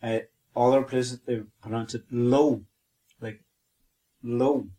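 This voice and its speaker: A man's voice: medium pitch, little pitch movement, a little slow, dark tone. A man with a Northern Irish accent co-hosting a podcast, teaching a language lesson methodically and spelling and repeating words.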